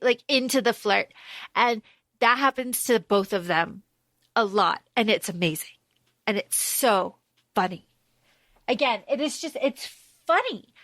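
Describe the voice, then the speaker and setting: A woman's voice: a little high, pushed and bright, no room sound. A woman co-hosting a podcast, gushing as she retells a book and acts out the characters' lines in a casual chat. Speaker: podcast co-host.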